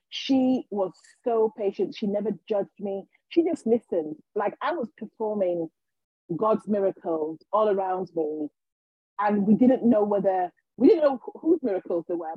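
A husky woman tells a personal story as a podcast guest. She acts out what people said and trips into restarts along the way. The sound is dry and a little dull. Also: medium pitch, no echo. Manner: animated, acts out quotes, frequent restarts. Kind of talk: casual storytelling in an interview.

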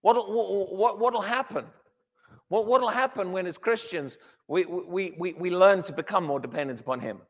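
A man preaching a sermon, emphatic and animated, often restarting his words as he builds a point. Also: high-pitched, normal speed, long reverb tail.

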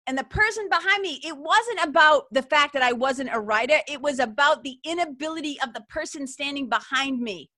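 A woman hosting a faith talk, animated and slangy, reading passages aloud and commenting on them. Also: high voice, a little fast, hardly any pauses, dry recording, clean studio sound. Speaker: faith podcast host.

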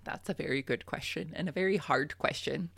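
A woman's voice: deep voice, brisk, creaky, a bit bright, husky, no echo. A young adult woman from Canada, a farmer and podcast host, telling a funny story in casual chat and laughing often.

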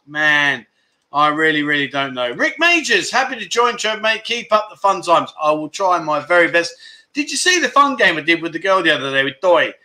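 Bright, cheeky British livestream host. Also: male voice, fairly high pitch. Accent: British English. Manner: cheeky, banters with viewers. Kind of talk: casual livestream chat.

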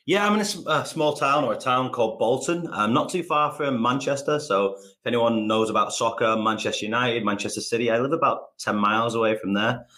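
A man's voice: mid-range voice, fairly quick, hardly any pauses, sharp tone. A man from England with a northern English accent, a podcast guest talking in a friendly, reflective way. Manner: friendly, reflective, calls people mate. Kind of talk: conversational interview.

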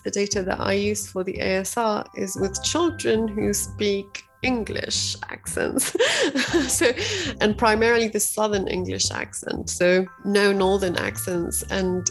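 A woman's voice: mid-range voice, creaky. A woman researcher explaining her work in an interview clip, earnest and explanatory, sometimes restarting words mid-thought. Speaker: university researcher.

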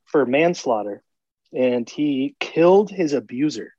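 A man's voice: mid-range voice, animated, unhurried, darkish tone. Rambling male podcast co-host. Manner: rambling storyteller, quotes people. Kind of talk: casual chat. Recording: dry, dull lo-fi sound.

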